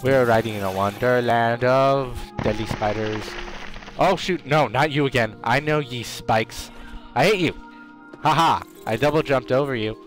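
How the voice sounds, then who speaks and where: A man doing excitable let's play commentary, trash-talking the enemies in his game. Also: medium pitch, a little slow, faint music behind. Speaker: gamer.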